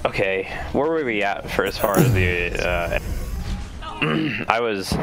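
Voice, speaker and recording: A man's voice: on the low side, lively intonation, slow, vocal fry, over music. A man chatting casually on a gaming stream as an organizer, rambling and repeating words, swearing freely.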